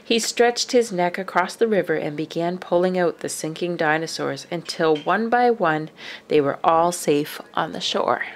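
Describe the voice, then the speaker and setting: A woman reading a children's picture book aloud, expressive and dropping to whispers for suspense. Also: low-pitched, moderate pace. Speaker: storyteller.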